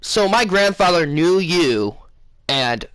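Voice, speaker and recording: A man casually telling his viewers a long dream story, rambling, losing his place and filling pauses with um and uh. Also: high-pitched, expressive, fairly bright tone, no echo. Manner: rambling, loses his place, many fillers. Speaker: gaming channel host.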